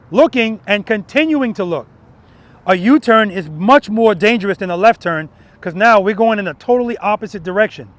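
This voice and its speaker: A man's voice: high-pitched, a bit bright. A man teaching a motorcycle riding lesson in an outdoor parking lot. He stresses key points again and again and often checks in with "right?".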